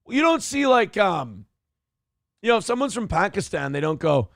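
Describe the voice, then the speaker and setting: A man's voice: high voice, big pitch swings, fairly quick, gravelly, no echo, clean studio sound. A man from Minnesota hosting a casual commentary show, ranting sarcastically and swearing freely. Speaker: host.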